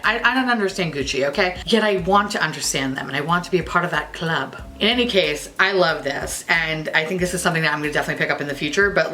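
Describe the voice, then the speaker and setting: A woman's voice: fairly low pitch, sharp tone. A young woman beauty vlogger chatting casually to camera, jokey and swearing freely.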